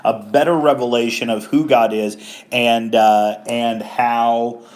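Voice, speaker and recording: A man's voice: mid-range voice, fairly even intonation, slow pace, darkish tone. A middle-aged man co-hosting a morning devotional, talking earnestly about faith with small restarts. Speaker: devotional co-host. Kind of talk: casual devotional chat.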